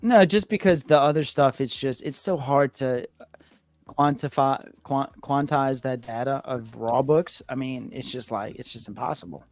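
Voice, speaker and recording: A man hosting a casual live stream, talking loosely with many restarts. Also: medium pitch. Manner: loose, halting, lots of filler restarts. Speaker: comic shop host.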